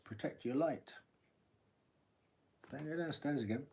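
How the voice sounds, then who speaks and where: A man's voice: medium pitch, animated, unhurried. Man musing aloud over tarot cards. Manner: musing aloud while drawing cards, frequent throat-clearing. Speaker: tarot reader. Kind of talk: live-stream tarot reading.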